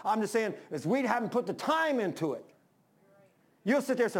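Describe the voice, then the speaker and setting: Older pastor, high voice, fervent sermon delivery with swings from loud pleas to quiet asides. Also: male voice, lively intonation, fairly quick. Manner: impassioned preaching, rises then drops low.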